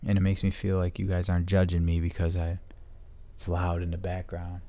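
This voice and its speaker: Deep gravelly man rambling, profane. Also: completely flat delivery, a little fast, warm tone. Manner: loose, profane, heartfelt talk. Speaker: podcast host. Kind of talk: casual rambling chat. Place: at home.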